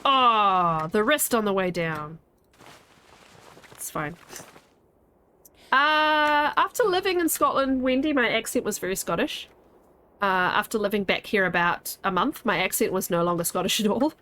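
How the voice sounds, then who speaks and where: A woman's voice: medium pitch, animated, unhurried, long pauses, sharp tone, clean tone. A woman, chatting casually while streaming a game and rambling as she answers her chat.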